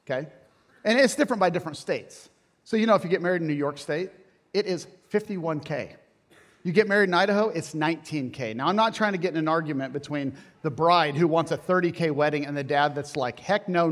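Animated man preaching in a reverberant hall. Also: on the high side. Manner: animated, folksy preaching with asides and jokes. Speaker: pastor. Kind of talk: sermon. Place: church sanctuary.

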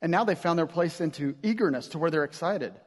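A man preaching a sermon in a relaxed, conversational style, slipping into slang and acting out little scenes. His voice sits a bit high for a man. It rings out with a long reverb, as in a large hall. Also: fast. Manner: conversational, animated preaching with casual slang and acted-out quotes. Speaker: pastor.

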